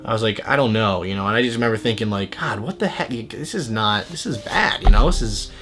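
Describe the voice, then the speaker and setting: A man's voice: lowish voice, fairly quick, a bit bright, faint music behind. A man earnestly telling a personal story in a casual, conversational way, acting out what people said. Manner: earnest, conversational, acts out quoted dialogue.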